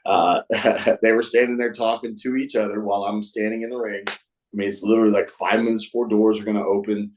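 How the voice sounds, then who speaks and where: A man's voice: fairly low pitch, level tone, fast, a little mellow, a little hiss or hum, rough recording. A man guest-hosting a podcast, casually telling stories and acting out what people said. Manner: recounts stories, acting out quoted dialogue. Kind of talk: casual storytelling.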